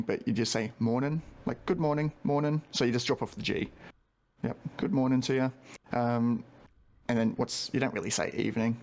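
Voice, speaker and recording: Easygoing Australian man chatting. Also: mid-range voice. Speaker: guest panelist. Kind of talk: casual chat.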